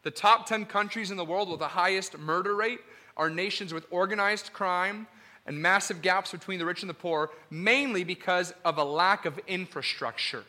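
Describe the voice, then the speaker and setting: A male pastor preaching a sermon in an animated, emphatic, conversational way. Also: high-pitched, moderate pace.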